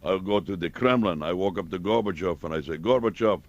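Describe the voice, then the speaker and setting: A man voicing an eager Russian immigrant cab driver with a Russian accent, speaking slow, broken English. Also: sits low, no room sound, natural voice. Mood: boastful. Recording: dull lo-fi radio broadcast.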